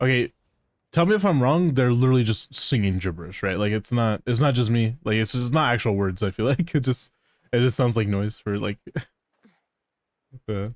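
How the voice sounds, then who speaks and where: A man's voice: mid-range voice, moderate pace, dry recording. A man streaming a game live, chatting casually to viewers with plenty of swearing, teasing and laughter. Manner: profane, teasing, laughs often. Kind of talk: casual live gameplay commentary.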